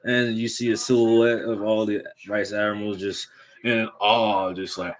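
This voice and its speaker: A young man casually recapping a manga chapter, excitable and slangy, reading out the characters' lines as he goes. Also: lowish voice, a little slow, poor audio.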